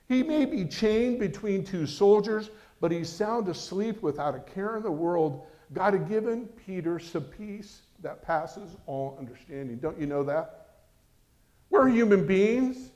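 A man preaching a sermon as pastor, animated and acting out quoted voices. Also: high-pitched, unhurried.

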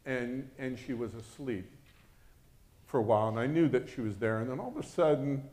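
A man's voice: medium pitch, animated, moderate pace, darkish tone. A man preaching a sermon, telling a personal story and acting out the voices of the people in it. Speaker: pastor.

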